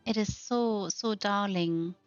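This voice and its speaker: A woman's voice: medium pitch, slow, smooth, dry recording, muffled recording, soft background music. A woman hosting a narrated house tour, gushing with effusive praise. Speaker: host.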